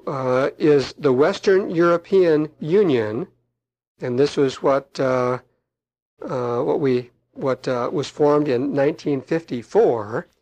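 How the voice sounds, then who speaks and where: A middle-aged man preaching on prophecy, reading aloud and commenting in a slow, emphatic way with frequent fillers. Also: a little high, a little mellow, rough recording.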